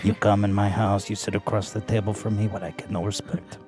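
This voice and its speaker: A man voicing a mock Italian mafia boss with a put-on Italian accent, gravelly and halting, who keeps complaining that he gets no respect. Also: fairly low pitch, little pitch movement, music in the background, lightly acted. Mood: aggrieved. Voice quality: gravelly, halting, repeating himself. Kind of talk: comedic impression on a podcast.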